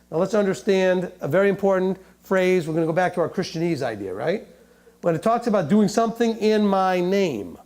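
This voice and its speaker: A man's voice: high-pitched, a little mellow. A man teaching a sermon, reading scripture aloud and explaining it in a chatty, joking way, often checking in with "okay?". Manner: joking asides, laughing at his own humor. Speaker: Bible teacher.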